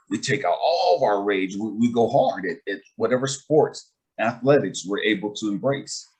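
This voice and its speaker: Emphatic streetwise man, low voice. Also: darkish tone. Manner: emphatic, streetwise, repeats "you know what I mean". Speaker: host and life coach. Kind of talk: casual conversational talk.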